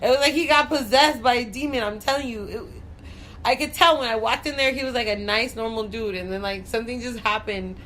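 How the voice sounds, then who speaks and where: Brief: chatty woman talk host, frank and bubbly, bright tense tone. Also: on the high side, fairly quick, a little hiss or hum. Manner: frank and profane. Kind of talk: casual chat.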